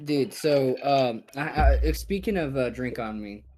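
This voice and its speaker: A man's voice: medium pitch, measured pace, a crowd in the background. A man from Kentucky, co-hosting a podcast, talking casually and telling a long bar joke with lots of stumbling restarts. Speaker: podcast co-host.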